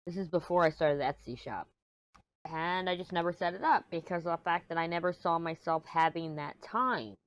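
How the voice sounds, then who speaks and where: A woman with a fairly low voice talks in a casual, rambling vlog, sounding agitated and frustrated as she vents. She records alone in a small room at home. The sound is dry and close, with no room echo. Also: brisk. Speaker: crafting vlogger.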